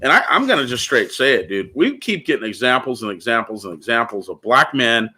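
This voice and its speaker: A man's voice: medium pitch, big pitch swings, brisk, pushed and bright, slightly rough. A man hosting a casual talk show, speaking bluntly and ranting, often calling the listener "dude.". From California. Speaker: podcast host.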